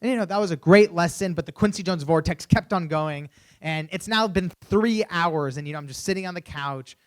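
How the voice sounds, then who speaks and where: Young male keynote speaker, animated storyteller, slightly high voice, stage mic. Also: brisk. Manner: animated storyteller, frequent "you know". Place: conference stage at a hotel.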